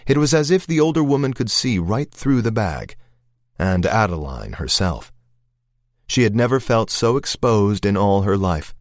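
Low-voiced man narrating a thriller. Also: no echo, studio quality. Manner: measured, suspenseful reading.

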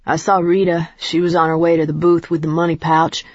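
A woman voices a sullen, touchy male club dancer around thirty, answering in short, clipped lines. The voice is husky and low, and the dry, slightly dull recording sounds close and plain. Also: flat delivery, a little fast, no room sound. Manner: sullen, curt.

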